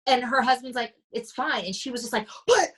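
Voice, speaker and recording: This woman's voice is a little high, a bit bright and husky, and she talks a little fast, though the audio is poor. A mindset coach and podcast guest, she tells lively stories in casual conversation, acting out the quoted dialogue.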